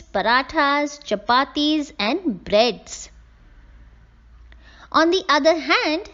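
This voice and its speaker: A woman teacher, slowly explaining a textbook lesson to young children and spelling out words letter by letter. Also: high voice, dull audio. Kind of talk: classroom lesson reading from a textbook.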